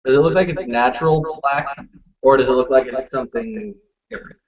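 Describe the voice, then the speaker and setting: A man playing a tabletop game, casual and halting as he thinks aloud. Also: medium pitch. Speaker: player. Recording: dull lo-fi recording.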